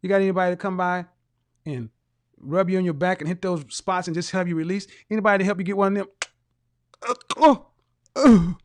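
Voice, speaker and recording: A man's voice: high-pitched, steady tone, fast. Mocking man hosting a live stream. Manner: mocking, teasing rhetorical questions, bursts of laughter. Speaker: host reading viewer comments.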